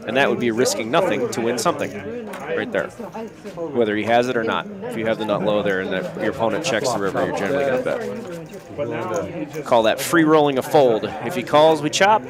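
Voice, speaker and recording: A man's voice: mid-range voice, normal speed. A man commentating on a live poker stream, explaining strategy in an analytical way. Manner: explanatory, analytical, with frequent restarts. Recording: loud crowd noise in background.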